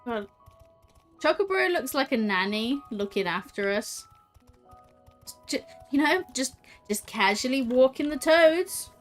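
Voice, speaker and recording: A woman's voice: sits high, lively intonation, a little slow, soft background music. A woman streaming a game, giggly and playful, chatting casually and reacting with delight. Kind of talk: casual gameplay commentary.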